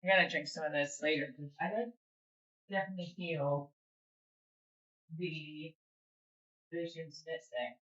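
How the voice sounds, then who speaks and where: A woman's voice: sits low, unhurried, pauses often, a bit bright, highs cut off. A woman from New Jersey with a New Jersey accent, chatting casually and rambling with lots of fillers as she hosts a livestream from home on her phone. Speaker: livestream host. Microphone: phone camera.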